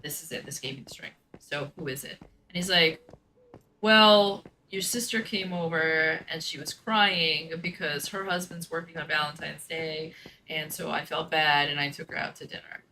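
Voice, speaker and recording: A woman's voice: deep voice, fairly even intonation, normal speed, bright, forceful tone, slight background noise, poor audio. A young woman telling a personal story in casual chat, blunt and profane, with lots of "like". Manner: blunt, profane, fills speech with "like". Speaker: gaming streamer.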